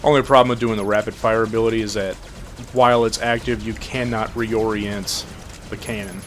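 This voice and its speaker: Laid-back low-voiced male gamer. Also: steady tone, brisk, fairly bright tone, slight background noise. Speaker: gameplay commentator. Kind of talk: casual gameplay commentary.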